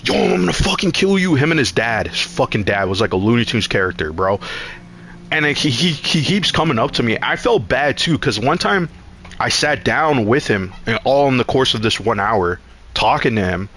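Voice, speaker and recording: There's a little hiss or hum behind this man's mid-range voice, which has lively intonation and a fairly bright tone at normal speed. Streaming a game, he tells a long, wandering story packed with swearing, loudly acting out the quotes as he casually chats.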